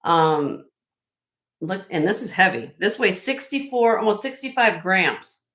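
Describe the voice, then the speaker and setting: A woman's voice: mid-range voice, animated, measured pace, fairly bright tone, poor audio. A woman with a Midwestern accent hosting a live-stream jewelry sale, chatty and effusive as she shows off each piece. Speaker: host selling vintage jewelry on a live stream. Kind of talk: live-stream sales chat.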